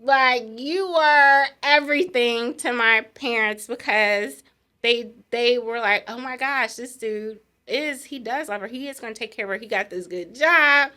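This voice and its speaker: Bright, lively woman telling a story. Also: fairly high pitch, a little slow. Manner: laughs often, animated storytelling. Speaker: co-host telling her engagement story. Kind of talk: casual chat.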